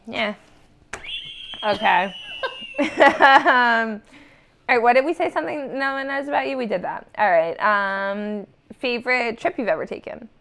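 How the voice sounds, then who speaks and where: A woman's voice: on the high side, expressive, a little slow, pauses often, a bit bright. Rambling, self-mocking woman comedian host. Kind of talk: casual chat.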